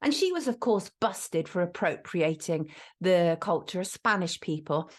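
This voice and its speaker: A woman's voice: on the low side, lively intonation, unhurried. Blunt, scornful British woman host. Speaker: show host. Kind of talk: opinionated commentary monologue.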